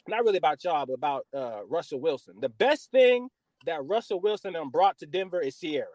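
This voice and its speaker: A man's voice: on the high side, a little fast, no echo. A man from the US West Coast hosting a podcast, ranting about football with lots of swearing. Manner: animated, profane sports rant. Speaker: podcast host. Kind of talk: casual sports podcast chat.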